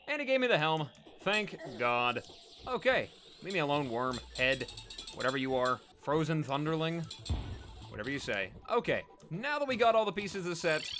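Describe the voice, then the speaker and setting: A man giving chatty, excitable gameplay commentary as host of his let's play series, often poking fun at himself. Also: fairly high pitch. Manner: excitable, chatty, self-mocking.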